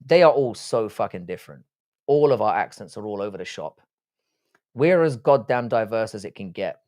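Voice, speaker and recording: A man's voice: lowish voice, lively intonation, moderate pace, a little mellow. A man with a Southwest London accent hosting a casual live stream, reading chat and bantering with heavy swearing. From England. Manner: profane, teasing banter.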